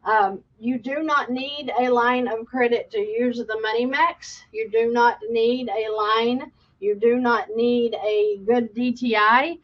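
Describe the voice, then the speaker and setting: A woman's voice: on the high side, steady tone, slow, highs cut off. Emphatic woman coaching on money. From United States. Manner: emphatic, checks in with repeated "okay?". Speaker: financial coach. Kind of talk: answering viewer questions.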